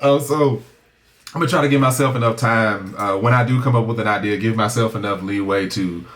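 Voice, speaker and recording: A man co-hosting a podcast in relaxed casual chat, laid-back and quick to laugh. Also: fairly low pitch. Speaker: podcast co-host.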